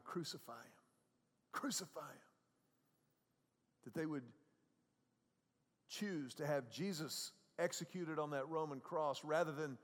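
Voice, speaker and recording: A man with a high-pitched voice delivers a sermon from a church sanctuary. His speech is conversational, with frequent stammered repeats, and it swings from hushed moments to ringing, emphatic ones. A long reverb trails each phrase through the hall. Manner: conversational, repeats words, swings from soft to loud. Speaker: pastor.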